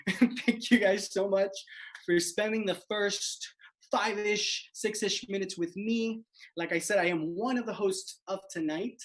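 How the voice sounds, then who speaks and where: A man's voice: high voice, fairly even intonation, a little slow, rough recording. A man in his late twenties from South Florida, hosting and telling a self-mocking stand-up story over a video call, full of "like.". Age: late 20s. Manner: chatty, peppered with "like", self-mocking. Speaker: host and stand-up comedian.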